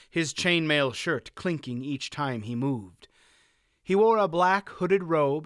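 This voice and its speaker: A man reading a fantasy novel aloud as audiobook narrator in a steady storytelling manner. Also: a little high, no room sound, studio quality. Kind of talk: scripted narration.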